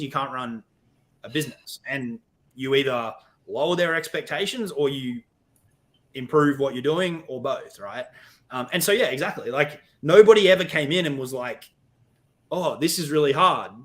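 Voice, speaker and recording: Male podcast guest, bright, forceful tone, blunt and plain-spoken. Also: on the high side. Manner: blunt, swears, quotes himself. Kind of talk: casual chat.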